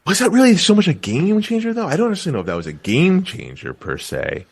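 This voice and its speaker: A man co-hosting a wrestling podcast, talking in a loose, animated way with lots of fillers and restarts. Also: sits high, quick pace, creaky, husky. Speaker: podcast co-host. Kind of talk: casual wrestling podcast chat.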